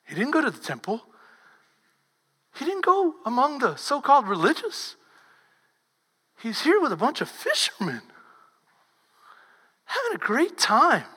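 A woman pastor with a Texan accent, preaching a sermon as lively storytelling that swings from loud to hushed. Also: sits high, measured pace, long pauses, husky, in a large hall.

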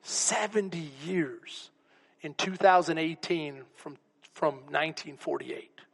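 A pastor preaching in a rather high voice, telling personal stories with open emotion and now and then dropping to a whisper. His sermon carries a long reverb, as if recorded in a big church hall. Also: slow pace, creaky, fairly bright tone. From Texas. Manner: storytelling, emotional, whispers for emphasis.

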